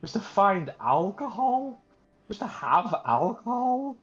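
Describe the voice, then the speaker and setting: Dramatic, whiny young male student in a tabletop game, as a man plays him, with a high voice that swoops all over. The sound is dull and muffled, with faint music behind it. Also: sing-song, takes it slowly, husky, heavily acted. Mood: exasperated.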